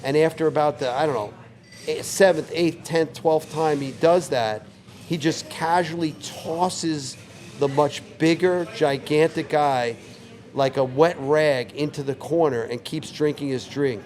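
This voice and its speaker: A man in his sixties, a longtime bar owner, telling a story in a relaxed, vivid way on a couch in his bar. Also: a little high, measured pace. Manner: relaxed, vivid anecdote teller who acts out quoted lines. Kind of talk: casual storytelling interview.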